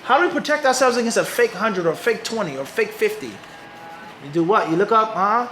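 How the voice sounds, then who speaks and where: Brisk and animated, this high-voiced man is an Islamic teacher from Philadelphia with an American accent. He teaches a live audience, regularly asking rhetorical questions before supplying the answers. His tone is fairly bright, and the poor audio is roomy with slight background noise.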